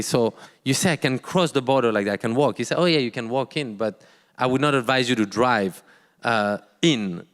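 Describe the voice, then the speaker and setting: A man, a guest artist telling a story on stage, halting often and acting out quoted dialogue. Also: medium pitch, fairly bright tone, smooth, long reverb tail. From France. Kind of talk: storytelling in a live talk.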